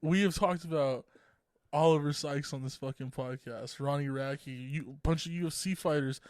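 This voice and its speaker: A man's voice: fairly high pitch, moderate pace, a little mellow, dry recording, studio quality. A young man co-hosting a podcast, telling a story in casual, profane banter and laughing often. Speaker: podcast co-host. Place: podcast room with a couch.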